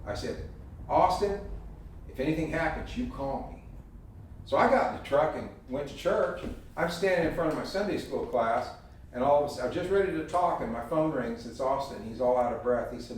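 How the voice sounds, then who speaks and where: A man telling a lively, folksy story in a talk, acting out the voices of the people in it. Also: mid-range voice, brisk, slight background noise. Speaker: speaker giving a talk. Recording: echoey hall, heard from a distance.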